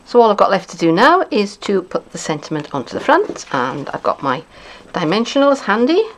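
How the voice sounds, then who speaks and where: Briskly and in a sing-song, mid-range voice, a woman walks through making a card in a relaxed craft tutorial. She chats, thinks out loud, and jokes along the way, with slight background noise behind her.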